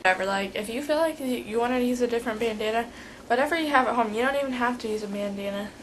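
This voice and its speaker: A woman's voice: a little high, rapid-fire, slight background noise, low-quality recording. A teenage girl giving a rambling, chatty vlog tutorial, full of fillers. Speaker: vlogger.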